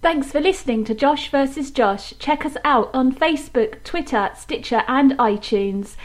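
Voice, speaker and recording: A woman with a high voice reads a scripted podcast outro. She sounds upbeat and promotional as she lists where to find the show. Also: normal speed. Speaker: show announcer.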